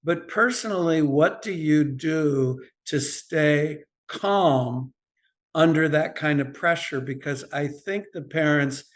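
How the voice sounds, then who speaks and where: Guy host, kinda high voice, asks thoughtful questions slowly. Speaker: podcast host. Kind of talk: interview questions.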